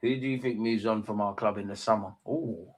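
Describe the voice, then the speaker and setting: A man's voice: lowish voice, steady tone, fairly quick, slight background noise. A man hosting a live football watch-along stream, chatting loosely and bantering with his viewers in slangy speech.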